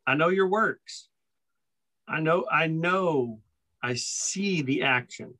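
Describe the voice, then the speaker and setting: A man's voice: fairly high pitch, slow pace, bright, forceful tone, low-quality recording. A man co-hosting a podcast who teaches from the Bible in a casual way. He reads scripture passages aloud and repeats his points with emphasis. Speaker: podcast co-host.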